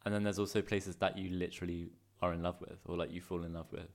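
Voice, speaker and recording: Deep-voiced man co-hosting a podcast, laid-back and searching for words. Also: level tone, quick pace. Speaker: podcast co-host. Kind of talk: casual chat. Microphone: podcast microphone.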